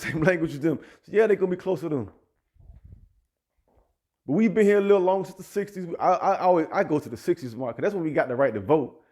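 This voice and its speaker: A man's voice: a little high, darkish tone. A man who runs an app business, ranting straight to his listeners in loose, heated street talk. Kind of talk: direct-to-camera rant.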